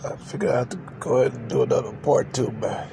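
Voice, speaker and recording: A man's voice: medium pitch, fairly even intonation, fast, vocal fry, background noise. A man hosting his own channel, ranting emotionally about football, emphatic and repetitive, tagging "man" onto his sentences. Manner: openly emotional, says he cries on camera. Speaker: channel host. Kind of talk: ranting football reaction vlog.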